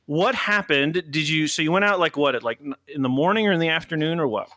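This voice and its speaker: A man hosting a podcast in casual chat, jokey and quick to react and tease. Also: on the high side, lively intonation, sharp tone, no echo, studio quality. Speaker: podcast host.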